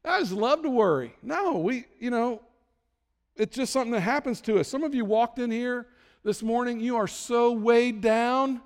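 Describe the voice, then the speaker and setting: A man with a high, bright voice preaches a sermon in an easy conversational way, dropping into hushed worried inner voices to act out what people think. His voice rings with the long reverb of a large church hall. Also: moderate pace, clear, resonant tone. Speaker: pastor.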